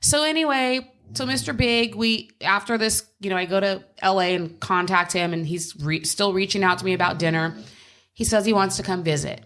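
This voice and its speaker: A woman's voice: medium pitch, fairly even intonation, moderate pace, a bit bright. Blunt, swearing woman telling a story. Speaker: podcast co-host. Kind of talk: casual chat. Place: home.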